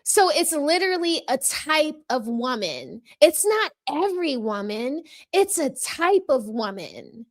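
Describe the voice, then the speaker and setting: A woman's voice: high-pitched, big pitch swings, measured pace, few pauses. A woman hosting a casual livestream show from home, reading viewer comments and giving sassy, chatty commentary with frequent laughs. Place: home room with a window open. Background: dog barking.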